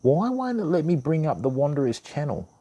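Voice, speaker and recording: A man's voice: fairly high pitch, sing-song, brisk, dark tone, lo-fi sound. An Australian man hosting a fishing channel, chatting casually with viewers, calling everyone mate and bud, with lots of ums. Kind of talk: casual live stream chat with viewers.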